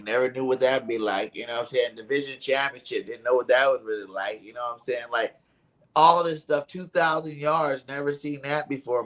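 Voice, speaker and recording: A man co-hosting a sports podcast in casual chat, talking animatedly and acting out what others said. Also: medium pitch. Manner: animated, acts out quotes in voices. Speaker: podcast co-host.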